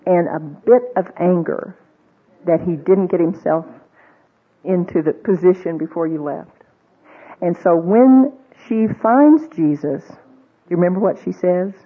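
A woman teaches a women's group in a relaxed, conversational way, asking her listeners question after question. Her voice is husky and a little breathy. The recording is thin and tinny, as if heard over a phone line. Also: lowish voice, slow pace, pauses often. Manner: conversational, asks the audience many questions; acts out quoted voices, with fillers and restarts. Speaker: Bible teacher.

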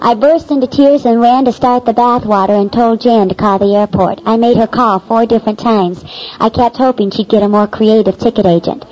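A woman telling a personal faith story aloud in an animated way, acting out the dialogue. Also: on the high side, brisk. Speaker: storyteller giving a Christian testimony. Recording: dull lo-fi recording.

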